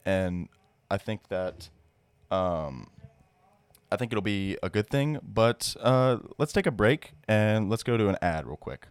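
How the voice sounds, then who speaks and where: A young man co-hosting a casual podcast, rambling and relaxed. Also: fairly low pitch, takes it slowly, clean tone, no room sound. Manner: rambling, relaxed, laughs often. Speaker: podcast co-host.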